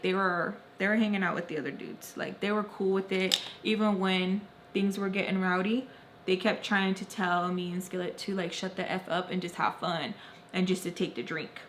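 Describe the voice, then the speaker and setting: A young woman vlogger telling an animated story while doing her makeup, acting out the voices of the people in it. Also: medium pitch, normal speed. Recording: faint background noise.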